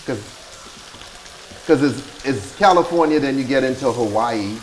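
A woman's voice: extremely low pitch, lively intonation, unhurried, darkish tone, slight background noise, rough recording. A woman hosting a casual cooking show, giving slangy, playful instructions and teasing her co-host.

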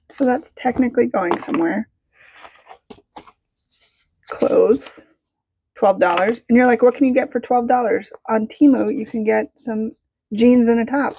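A woman budgeting vlogger chatting casually as she counts cash, bubbly and excitable, talking to herself as she goes. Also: a little high, a little hiss or hum. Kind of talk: casual vlog chat while counting cash.

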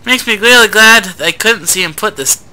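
A woman's voice: mid-range voice, moderate pace, bright, forceful tone. A woman commenting on a video game as she plays, squeamish and pleading with the game, talking through clenched teeth. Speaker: let's play gamer. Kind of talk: gameplay commentary.

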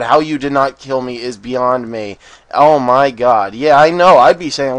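A man giving casual gameplay commentary, excitable and profane, often bursting into rapid panicked strings of "no" and laughing. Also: mid-range voice, dry recording. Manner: swears freely and laughs often. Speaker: game commentator.

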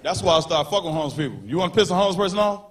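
A man doing a stand-up comedy set on a stage, loud and animated, shouting punchlines and acting out characters. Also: high voice, racing. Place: comedy stage before a live audience. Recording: live show with crowd noise. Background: audience laughter.

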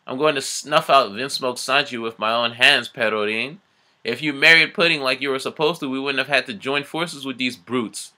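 A man's voice: mid-range voice, moderate pace, pushed and bright, voice pushed down. A man voicing a scheming, resentful male pirate who sneers his lines while reading a manga aloud. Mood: sneering.

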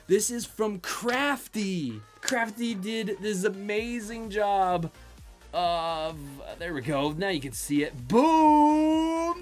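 A woman hosting her own channel, opening fan mail and artwork from viewers, bubbly and quick to exclaim, her voice leaping up in pitch when she is surprised. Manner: bubbly, exclaims often, jumps high in pitch. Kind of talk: excited casual vlog.

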